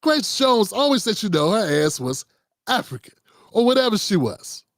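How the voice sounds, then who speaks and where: High-voiced man riffing commentary. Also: sing-song, normal speed, no echo, clean studio sound. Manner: casual, riffing, slips into quoted voices. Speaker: political commentary host. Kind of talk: unscripted political commentary.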